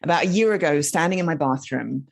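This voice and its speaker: A woman guest on a podcast, a storytelling coach explaining her ideas in casual, animated conversation. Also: deep voice, quick pace, creaky. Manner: animated, explaining with many asides.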